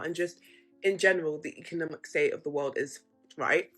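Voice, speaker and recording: Lower-voiced woman giving a skeptical opinion. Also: big pitch swings, quick pace, a bit bright, soft background music. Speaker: content creator. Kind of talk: opinion commentary clip.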